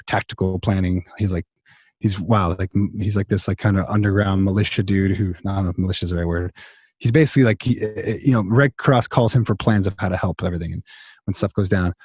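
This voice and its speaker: A man's voice: lowish voice, darkish tone, no room sound, studio quality. A man telling a long story in a casual interview over a video call, rambling with many restarts and fillers. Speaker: songwriter guest.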